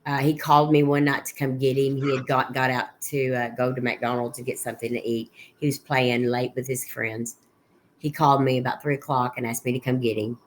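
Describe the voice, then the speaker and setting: A middle-aged woman, a guest on an interview podcast, recounting her son's final months in a halting way, with many restarts and recalled conversations. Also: very deep voice, flat delivery, a little hiss or hum. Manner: halting, with frequent restarts and quoted dialogue. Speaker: guest, bereaved mother. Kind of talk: personal account in an interview.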